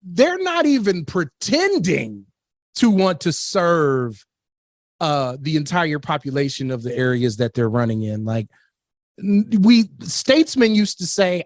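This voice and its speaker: Radio host, male, slightly high voice, blunt, dry studio sound. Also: sing-song, unhurried, dry recording. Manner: blunt and opinionated, laughing between points. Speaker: radio talk show host. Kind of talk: political talk radio chat.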